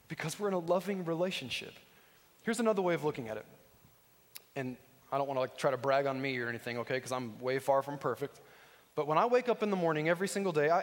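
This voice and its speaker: A man's voice: sits high, long reverb tail. A man preaching a sermon as a pastor, earnest and conversational, often putting direct questions to the congregation.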